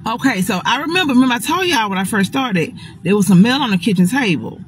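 A woman telling a personal story straight to her audience in a casual storytime monologue, animated and dramatic, swearing often. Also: a little high, fast, soft background music, rough recording.

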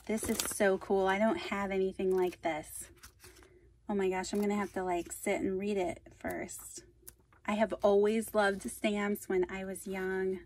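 A woman's voice: mid-range voice, slight background noise. A woman hosting a casual craft vlog, opening mail from viewers and thanking them effusively. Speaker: craft channel host.

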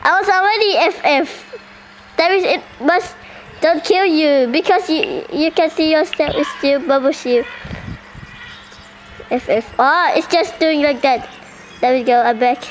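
A woman giving casual gameplay commentary, excitable and full of surprised questions. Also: sits high, a little slow, pauses often, slight background noise, low-quality recording. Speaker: gaming channel host.

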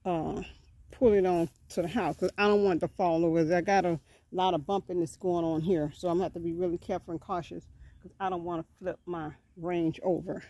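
A woman speaks briskly in a fairly low, steady, mellow voice with no room sound. She is a vlogger out of breath outdoors on rural property, chatting casually with viewers. Folksy and talkative, she keeps repeating words and calling them family.

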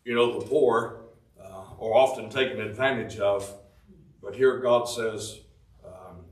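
A man's voice: on the low side, a little slow, reverberant, far from the mic, low-quality recording. A man preaching a devotional sermon, reading scripture in old-fashioned Bible wording and explaining it.

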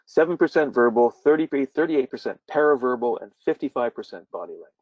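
A male workshop trainer giving a webinar lecture, animated and quick to repeat his words, with fillers. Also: mid-range voice, no room sound. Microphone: webinar mic. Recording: dull distant dry webinar audio.

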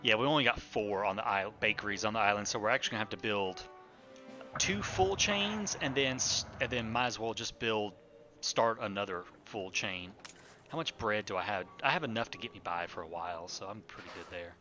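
Over soft background music, a man with a lowish, sharp voice talks fast while playing a city-builder on stream. His casual commentary wanders, packed with fillers and corrections of himself, as he chats with the audience.

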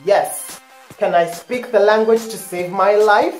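A young man answers viewer questions in a casual vlog, his voice sitting fairly high for a man. He talks with sassy, dramatic flair and swears freely. The sound bounces around an echoey room, with faint music playing underneath. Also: measured pace. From Kenya. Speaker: YouTuber.

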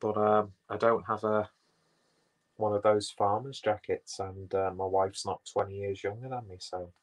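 A man hosting a livestream chats casually and rambles while reading viewer comments, swearing and poking fun at himself as he goes. His voice is fairly low with a level tone, at normal speed.

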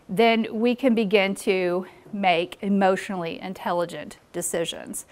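A woman presenting a live workshop in a meeting room, engaging the audience with questions. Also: on the high side.

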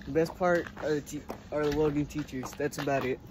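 A man's voice: on the high side, a little fast, a little hiss or hum, low-quality recording. A teenage boy introducing himself with crude, joking bragging. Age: teens. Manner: crude, jokey, animated. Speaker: guest.

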